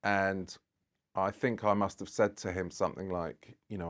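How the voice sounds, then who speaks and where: A man's voice: low voice, steady tone, moderate pace, a bit bright. Man telling a rambling anecdote. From Britain. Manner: rambling storyteller who acts out dialogue. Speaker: podcast guest, photographer. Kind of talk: casual anecdotal chat.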